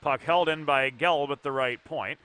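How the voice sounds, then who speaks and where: A man calling youth hockey play-by-play from an arena, brisk and precise with dry asides. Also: fairly high pitch, bright, forceful tone. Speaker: play-by-play commentator. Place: ice arena broadcast position.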